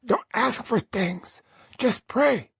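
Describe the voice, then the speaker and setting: A woman voicing an elderly Lakota man in an audiobook, a grave elder giving slow, insistent instructions. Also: on the high side, expressive, creaky, breathy edge, dry recording, clean studio sound, exaggerated voice. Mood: solemn, commanding. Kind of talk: audiobook character voice.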